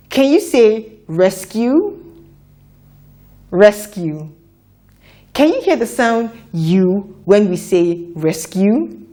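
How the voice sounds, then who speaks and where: A woman teaching a children's phonics lesson, sounding out letters and words slowly for young learners to repeat. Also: mid-range voice, mellow. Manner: slow, deliberate, repeats sounds for children to echo.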